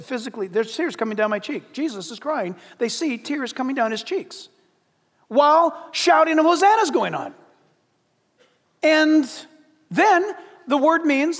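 A man with a high voice preaches from a church pulpit, his words ringing with a long reverb through the big sanctuary. He talks with drama, swinging between loud bursts and near whispers. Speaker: pastor. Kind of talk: sermon. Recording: long reverb of a large hall.

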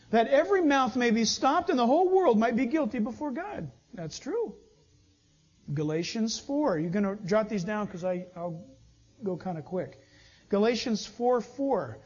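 A man preaching a sermon, animated and acting out little dialogues. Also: very high voice. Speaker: pastor. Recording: dull lo-fi sound.

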